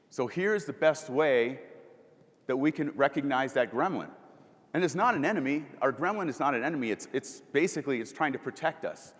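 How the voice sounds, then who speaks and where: A man giving a live motivational talk at a conference, putting questions to the audience and guiding them through breathing exercises. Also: medium pitch. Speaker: motivational speaker. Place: large conference hall. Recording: long hall reverb.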